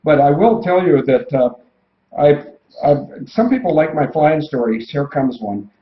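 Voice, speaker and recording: A man's voice: fairly high pitch, animated, unhurried. Older guy rambling thru old pilot stories, echoey muffled audio. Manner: rambling anecdotal storyteller. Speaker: retired military pilot and co-host. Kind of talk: casual storytelling chat.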